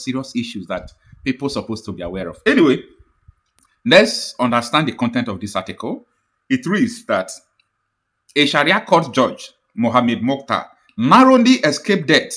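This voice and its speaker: A man with a Nigerian accent reads a news article aloud and comments on it, speaking with passion and repeating his points. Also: a bit bright. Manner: impassioned, repetitive, with sudden rises in pitch.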